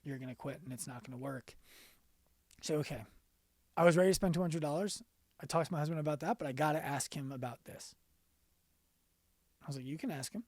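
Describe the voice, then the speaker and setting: A man being interviewed on a podcast as a business coach, telling stories earnestly and going quiet for the emotional parts. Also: a little high, a little fast, long pauses, no room sound.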